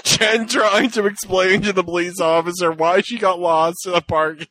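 A man's voice: high-pitched, normal speed, crowd noise. A man co-hosting a podcast, chatting casually and spinning exaggerated, jokey stories. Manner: animated storytelling, jokey exaggeration. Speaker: podcast co-host. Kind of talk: casual chat.

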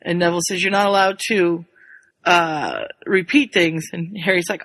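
A woman's voice: lowish voice, steady tone, normal speed, fairly bright tone. A woman co-hosting a podcast, casually recapping a book chapter with short agreements. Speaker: podcast co-host.

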